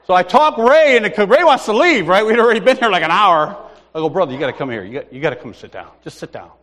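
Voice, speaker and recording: Male preacher, higher voice, lively, comic storytelling sermon. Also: fast. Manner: animated storyteller, acts out voices, laughs often.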